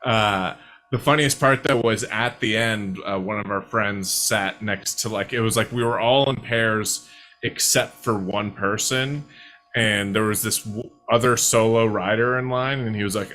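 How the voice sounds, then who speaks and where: A man's voice: fairly low pitch, measured pace, sharp tone, faint music behind. Rambling podcast co-host man. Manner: rambling storyteller, many fillers. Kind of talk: casual chat.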